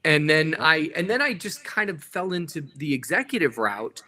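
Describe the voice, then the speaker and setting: A man who is a guest on a podcast, a TV executive and voice actor, telling stories in casual chat, animated and often laughing. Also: fairly high pitch, normal speed.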